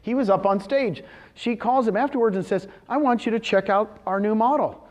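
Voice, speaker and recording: A man giving a live seminar talk to real estate agents, telling success stories and firing questions at the audience. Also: high voice. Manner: animated, storytelling with quick questions to the audience. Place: meeting room with a live audience.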